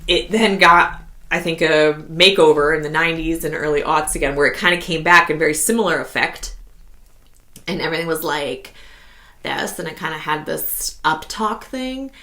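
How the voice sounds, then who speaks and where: A woman in her thirties with a somewhat low voice chats through a casual podcast as co-host. She laughs easily and keeps sprinkling like through her talk. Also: normal speed, bright, forceful tone. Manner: chatty, laughs often, heavy use of like as a filler. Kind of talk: casual conversational podcast chat.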